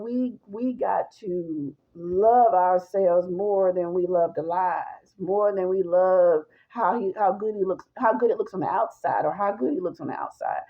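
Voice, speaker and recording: A woman's voice: medium pitch, phone-quality sound. A woman gives an emphatic personal testimony, talking straight to her listeners.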